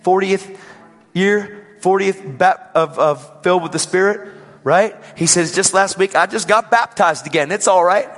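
A man preaching a sermon, telling a story with lively swings between loud and hushed. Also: high-pitched, a little slow, in a large hall.

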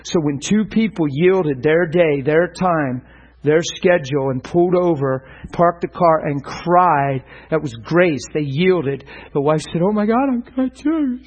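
Brief: middle-aged male preacher, husky, fairly high voice, earnest and animated. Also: a little slow, dull audio. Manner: earnest, animated, with stumbles and repeated words. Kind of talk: sermon-style teaching.

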